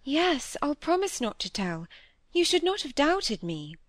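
A woman reading the part of a gentle, timid young woman who pleads earnestly. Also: sits high, big pitch swings, measured pace, no room sound, voice pushed up. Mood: hurt.

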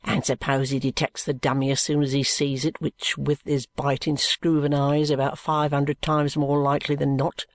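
Lady reading as a gloomy careful young guy, low and hushed, very dry sound. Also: level tone, normal speed, hardly any pauses, no echo. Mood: wary hush. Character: wary young man, gloomy and cautious.

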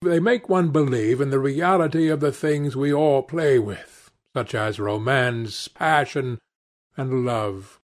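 Harry, a languid cynical gentleman read by a man. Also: mid-range voice, takes it slowly, natural voice. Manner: languid, epigrammatic, lecturing. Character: witty cynical aristocratic gentleman.

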